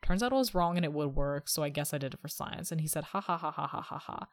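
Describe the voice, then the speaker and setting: A woman's voice: sits low, animated, quick pace, no echo, studio quality. A young woman hosting a podcast, telling stories in a chatty, sarcastic way. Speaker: podcast host. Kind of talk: casual chat.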